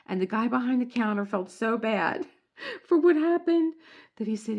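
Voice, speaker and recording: A woman's voice: on the high side, brisk, creaky. A middle-aged woman vlogging casually at home, telling stories in a chatty way and acting out quotes. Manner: chatty storyteller, animated quoting. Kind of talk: casual chat.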